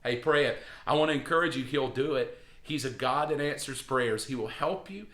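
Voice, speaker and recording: Pastor type, man, bright and forceful, encouraging sermon delivery, echoey room. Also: fairly even intonation, moderate pace. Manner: earnest, encouraging, rising emphatic pitch. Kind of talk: devotional sermon.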